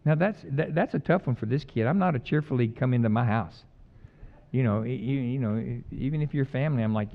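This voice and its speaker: Casting: middle-aged man, pastor, folksy storyteller, mid-pitched voice, slightly muffled recording. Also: fairly quick. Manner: folksy, jokey, swings between loud emphatic preaching and quiet asides. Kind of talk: conversational sermon with stories.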